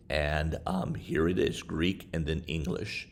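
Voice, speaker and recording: A man giving a casual screen-share tutorial on study software, talking in a halting way with many fillers. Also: extremely low pitch, steady tone. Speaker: instructor. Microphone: desktop microphone while screen recording.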